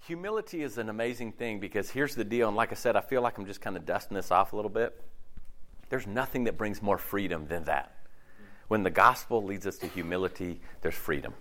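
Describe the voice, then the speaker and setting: A man preaching a sermon in an animated, conversational way, acting out voices as he talks. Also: lowish voice, fairly quick. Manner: animated, acts out quoted voices, swings loud and quiet.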